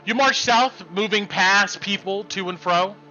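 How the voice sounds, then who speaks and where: A man narrating as game master of a tabletop game on a live stream, relaxed and loose. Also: high-pitched, unhurried. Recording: muffled stream audio, faint music.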